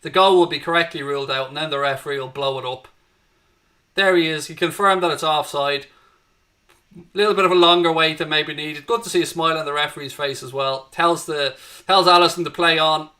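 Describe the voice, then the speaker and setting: A man's voice: a little high, fairly even intonation, fairly quick, sharp tone. An Irish man hosting a live fan watchalong, chatting with viewers and calling the match action. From Ireland. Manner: chatty, greets viewers and reads their chat, lifts up at match action.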